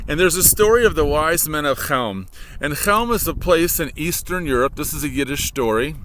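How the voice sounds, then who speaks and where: A vlogger who works at a high school, speaking with a Michigan accent, chats casually while walking on a frozen, snowy lake. His fairly high voice has a bright, forceful tone, and he rambles and corrects himself as he goes. The poor audio, from a laptop held while walking, carries some hiss or hum.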